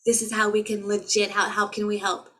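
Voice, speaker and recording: A woman's voice: mid-range voice, completely flat delivery, a little fast, a bit bright, slight background noise, poor audio. A woman, a spiritual healer, talking to her viewers in a casual, earnest and motivational way, recorded on a laptop mic. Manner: earnest, motivational, with chanted light language. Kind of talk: casual spiritual vlog talk.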